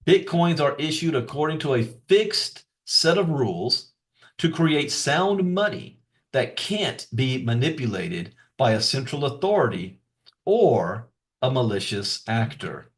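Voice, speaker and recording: Man, course presenter, explanatory, emphatic, mid-pitched, read lesson notes. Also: very animated, measured pace. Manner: explanatory, emphatic repetition for stress. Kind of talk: reading lesson notes with asides.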